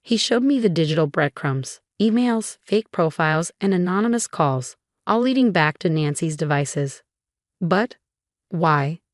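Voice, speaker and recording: A woman with a fairly low voice narrates a dramatic first-person story with expressive delivery. The recording is close and dry, with no room sound. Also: normal speed, few pauses, dry recording.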